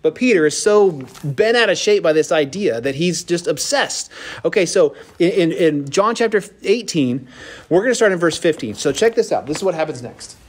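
A man teaching a casual Bible lesson to young adults, retelling the story with lively acted-out voices. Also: a little high, normal speed. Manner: animated storytelling, acts out voices with laughs.

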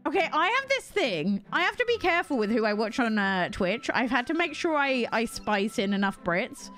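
A young woman with a British accent chats through a relaxed gameplay stream, giggling and poking fun at herself as she goes. Her voice sits high and swoops up and down with animated energy. Soft game music plays faintly behind her. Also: moderate pace. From Britain. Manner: chatty, giggly, self-mocking asides. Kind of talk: casual gameplay chat with chat readers.

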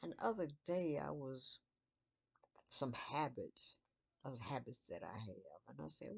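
Older woman vlogger, slow and unhurried, thinking aloud at bedtime, rough fry in the voice. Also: extremely low pitch, very animated, no echo. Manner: slow, musing, talking to herself with restarts. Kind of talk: relaxed bedtime vlog.

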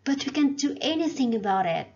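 A woman's voice: high voice, very animated, brisk, a little mellow, highs cut off, pitched above the performer's own voice. A woman voicing a young farm girl who is lost and bewildered, asking earnest questions in a storybook read-aloud. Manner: earnest, wide-eyed questions.

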